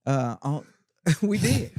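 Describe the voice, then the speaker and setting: Animated woman comedian telling stories. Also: low voice, slow, no room sound, studio quality. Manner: animated, punchy storyteller with earthy humor. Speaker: guest comedian. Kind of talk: casual podcast chat, storytelling.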